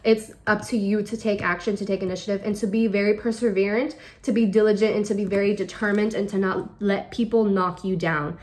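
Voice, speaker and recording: A woman's voice: medium pitch, steady tone, brisk, hardly any pauses, a little mellow. A woman doing a casual weekly tarot reading, talking directly to the listener and coaxing them, often ending lines with "okay?" or "all right?". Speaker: tarot reader.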